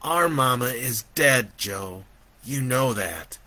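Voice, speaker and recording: A man voicing an urgent, ghostly little boy who speaks with slow, solemn insistence. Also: mid-range voice, animated, sharp tone, dry recording, voice pushed up. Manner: pleading, commanding, slow and emphatic.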